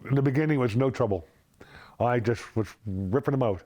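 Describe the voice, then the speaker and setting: A man's voice: medium pitch, fairly quick, slight background noise. A man in a news feature interview, sincerely reading love notes he wrote for his wife. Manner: reads heartfelt love notes aloud, gentle and sincere. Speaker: interviewee, husband.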